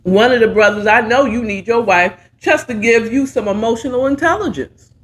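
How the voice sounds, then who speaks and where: A woman's voice: fairly high pitch, moderate pace. A middle-aged woman giving casual, sassy, playful commentary while reviewing a talk show.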